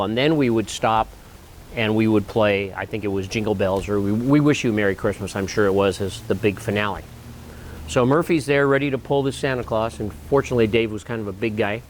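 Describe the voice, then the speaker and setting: A man's voice: fairly low pitch, slight background noise. A man in his sixties, a working musician, telling an old gig story in an easygoing, rambling way with asides. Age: 60s. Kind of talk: casual storytelling.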